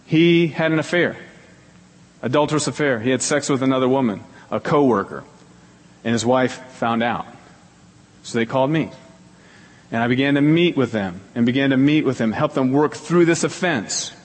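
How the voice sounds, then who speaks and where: A middle-aged male pastor preaching a sermon, telling stories earnestly, repeating key phrases for emphasis. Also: moderate pace. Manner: acts out quoted people in a higher voice. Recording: long hall reverb.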